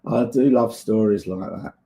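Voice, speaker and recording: A man's voice: on the low side, moderate pace, vocal fry, dark tone. A man hosting a livestream, chatting casually and answering viewers with many fillers and laughs. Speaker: livestream host reading chat. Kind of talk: casual chat.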